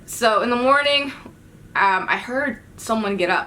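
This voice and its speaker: A young woman tells a storytime to her camera at home, and her voice is bright and sharp. She is animated and exasperated, swearing freely as she acts out every line of dialogue herself. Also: on the high side, normal speed, a little hiss or hum. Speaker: vlogger. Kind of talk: casual storytime chat.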